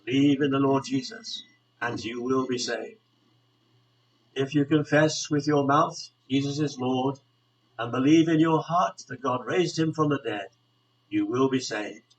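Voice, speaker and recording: A man at middle pitch gives a devotional reflection for a church podcast. His delivery is calm, measured and earnest, the steady pace of someone reading prepared words aloud. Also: highs cut off. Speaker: church community member.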